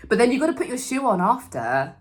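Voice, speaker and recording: A woman's voice: fairly high pitch, very animated, fast talker, soft background music. A British woman casually reasoning her way through slang guesses, bubbly and giggly. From Britain. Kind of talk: casual chat.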